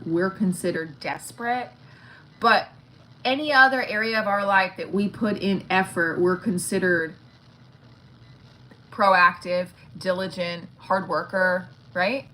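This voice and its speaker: A woman's voice: fairly low pitch, a little slow, pushed and bright, rough recording. A woman comedian chatting frankly on a phone livestream from home, rambling and swearing casually. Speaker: stand-up comedian.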